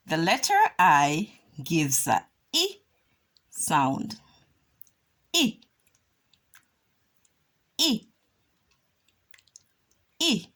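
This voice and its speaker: A woman teaching a children's phonics lesson, drawing out vowel sounds slowly and deliberately. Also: lowish voice. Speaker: reading teacher.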